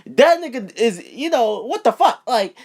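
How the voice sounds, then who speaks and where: A man hosting a casual movie review show, talking animatedly and profanely and acting out characters in quick asides. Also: very high-pitched, very animated, a little mellow, breathy edge.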